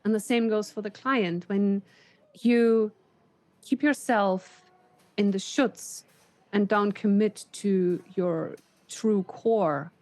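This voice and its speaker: A woman of middle pitch co-hosts a business podcast, recorded dry with no room sound. She speaks fluently and assertively and brings her points to life by acting out quotes. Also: slow pace, a little mellow, no room sound. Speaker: podcast co-host. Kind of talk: casual business podcast chat.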